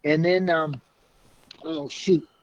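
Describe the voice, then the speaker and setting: A man's voice: on the high side, steady tone, slow, no echo, highs cut off. Folksy man laughing through stories. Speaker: car club member, guest. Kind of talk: casual storytelling.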